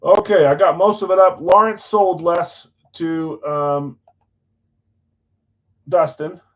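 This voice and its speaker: A man's voice: on the high side, fairly even intonation, takes it slowly, dull audio. A man hosting a live stream, casually reading off trades and talking to buyers in a scattered, self-deprecating way. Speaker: card break host.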